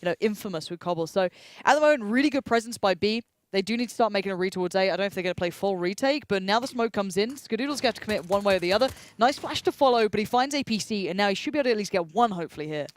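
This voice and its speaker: A man's voice: high voice, expressive. A young English man giving live esports commentary in a chatty, analytical way. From England. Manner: chatty, quick analytical patter. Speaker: esports caster.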